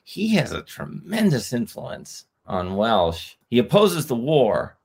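A slightly hoarse man, an author guest on a podcast, explaining his argument in an earnest way and repeating his phrases. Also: medium pitch, wildly swooping pitch, takes it slowly. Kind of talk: podcast interview.

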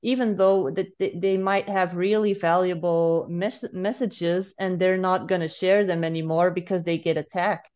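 A woman guest and spiritual mentor telling a story in a calm, steady way with a few restarts. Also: fairly low pitch, normal speed, hardly any pauses. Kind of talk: casual storytelling in conversation. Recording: dull, muffled remote audio.

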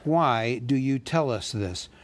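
A man's voice: medium pitch, lively intonation, takes it slowly. A man voicing a grim, suspicious male leader who speaks bluntly.

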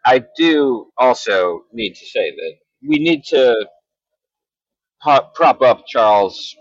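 A man co-hosting a podcast who chimes in with easygoing, relaxed remarks in casual chat. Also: medium pitch, slow pace, dry recording. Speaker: podcast co-host. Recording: dry, dull lo-fi audio.

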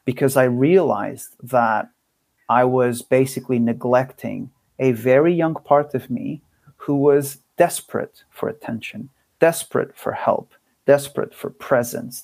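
A man talking as a podcast guest, thoughtful and candid, speaking in halting phrases with frequent restarts. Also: medium pitch, creaky, a little mellow, no echo. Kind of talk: reflective conversational interview.

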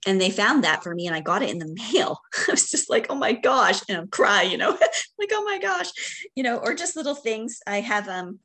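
A woman's voice: medium pitch, animated, fairly quick. Middle-aged woman chatting on a podcast, reflective, lots of ums, little laughs. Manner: reflective, warm, with frequent fillers and light laughter. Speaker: podcast guest. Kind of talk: casual conversation.

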